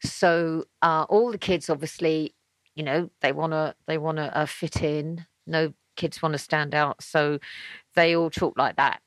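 A woman from England with a London accent, chatting casually in a group conversation in a rambling, halting way, often correcting herself. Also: sits low, steady tone, dry recording, poor audio. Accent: London English.

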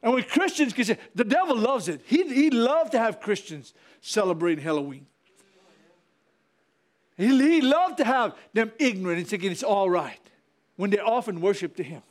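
A man's voice: high-pitched, big pitch swings, normal speed. A man preaching a fiery sermon as pastor, repeating himself and calling out to the congregation.

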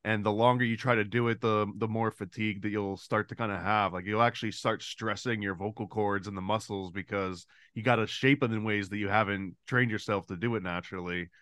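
A man's voice: lowish voice, fairly even intonation, a little fast, few pauses, fairly bright tone, smooth, no room sound. A man guest on a podcast, chatting casually and explaining his thoughts at length. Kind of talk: casual chat.

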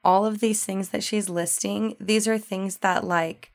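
A woman's voice: medium pitch, steady tone, unhurried. A woman co-hosting a casual podcast, talking in a sympathetic, thoughtful way. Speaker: podcast co-host. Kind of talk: casual chat.

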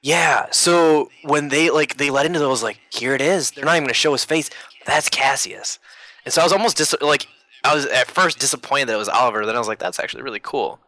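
Animated man in casual game chat. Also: medium pitch, brisk, no room sound, poor audio. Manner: animated, acts out characters in quotes. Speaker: podcast co-host.

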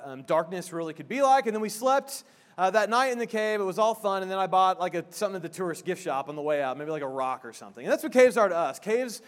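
A man pastor giving a sermon, opening with a hushed prayer and then preaching in a casual, conversational way with frequent restarts. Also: high voice.

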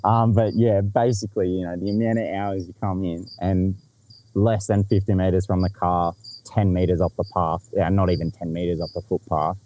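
An Australian man with a low, mellow voice tells a story on a podcast in a relaxed, unhurried way. He swears freely and laughs through his own story. A faint hiss sits under the recording. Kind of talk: casual storytelling chat.

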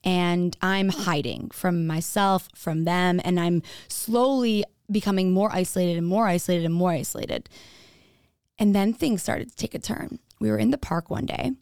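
A woman speaks candidly to the listener with a gravelly, fry-laden voice. The sound is dry and close, with no room around it. Her manner is casual and frank, full of swearing and "like". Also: on the low side, normal speed, darkish tone, no echo. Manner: frank, casual, swears freely, uses "like" often. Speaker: podcast speaker. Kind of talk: candid personal storytelling.

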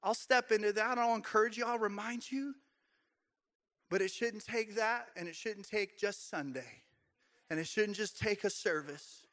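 A middle-aged man preaching a sermon to his congregation, shifting between loud exhortation and quiet, joking asides. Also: high voice, moderate pace. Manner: swings from loud shouted exhortation to quiet, intimate talk; conversational and joking, with playful asides. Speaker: pastor. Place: church sanctuary with congregation.

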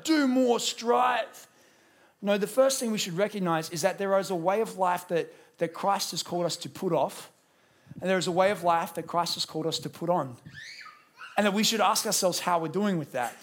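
A man preaching a sermon as pastor, acting out little dialogues as he goes. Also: high-pitched.

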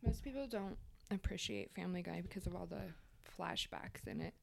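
A woman's voice: on the low side, a little fast, creaky, a little hiss or hum. A woman guest on a podcast, a chatty storyteller who laughs easily. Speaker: podcast guest, merch designer. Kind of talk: casual chat.

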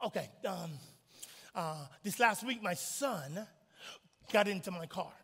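Man, pastor, sermon, high bright voice, emphatic, long church reverb. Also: lively intonation, slow, vocal fry, breathy edge. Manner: emphatic preaching, shouting then dropping soft.

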